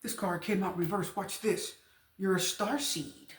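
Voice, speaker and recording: A woman's voice: medium pitch, steady tone, measured pace, echoey room. A woman giving a casual tarot reading to camera, emphatic and chatty, repeating her points to the viewers. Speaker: tarot reader.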